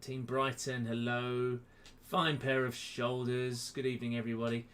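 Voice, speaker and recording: His voice is mid-range and fairly bright, moving at normal speed with few pauses. The man hosts a live quiz stream from home, chatting casually, mocking himself, and greeting viewers by name, recorded on a webcam close to his face.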